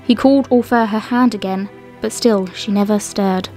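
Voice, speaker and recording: A woman, co-host of a craft and history show, reciting an old poem in a measured way and then narrating its history. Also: mid-range voice, steady tone, darkish tone, faint music behind.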